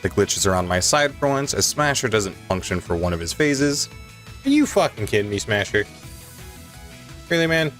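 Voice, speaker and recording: A man's voice: fairly low pitch, a bit bright. A young man giving comedic gameplay commentary, joking and self-mocking with stammered restarts. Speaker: gaming youtuber.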